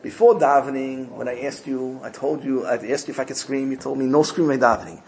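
A man's voice: medium pitch, a little fast, darkish tone, natural voice. A man voicing an earnest, emotional Hasidic worshipper in a told story, pleading and eager. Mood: apologetic.

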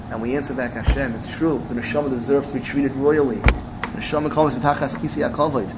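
A man's voice: mid-range voice, fairly even intonation, fast talker, very noisy. A man giving a sermon, retelling a parable in a storytelling manner with repetition and rising emphasis. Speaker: religious speaker.

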